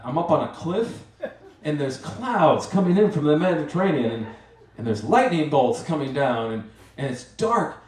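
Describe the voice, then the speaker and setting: A man's voice: mid-range voice, darkish tone. A man telling a rambling, self-mocking comic story on stage at a live storytelling event, acting out his own asides. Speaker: storyteller and master of ceremonies. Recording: roomy live venue, mic from far off.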